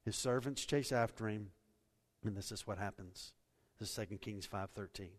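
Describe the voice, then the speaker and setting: A male pastor preaching a sermon in a church hall, swinging between soft, low passages and loud, raised ones. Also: normal speed. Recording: long reverb of a large hall.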